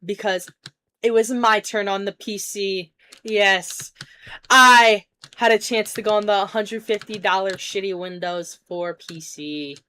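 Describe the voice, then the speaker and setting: A woman's voice: mid-range voice, measured pace, bright, forceful tone. A woman streamer casually telling a rambling story while gaming, swearing and tossing in jokey asides. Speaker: game streamer. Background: keyboard typing and clicks.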